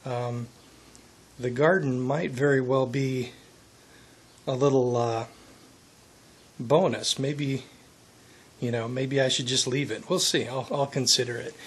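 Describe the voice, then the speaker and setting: A man's voice: medium pitch, steady tone, takes it slowly, long pauses, slightly rough. A man casually explaining his deck garden plans, thinking aloud with lots of ums and uhs. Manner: rambling, thinking aloud with many fillers. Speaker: home gardener vlogger. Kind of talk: casual vlog monologue. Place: condo deck, outdoors.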